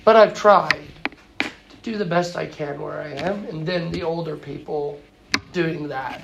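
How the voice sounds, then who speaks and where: Gravelly male priest, halting speech. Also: fairly high pitch. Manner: halting, many fillers and restarts. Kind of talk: interview conversation. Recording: noticeable background noise.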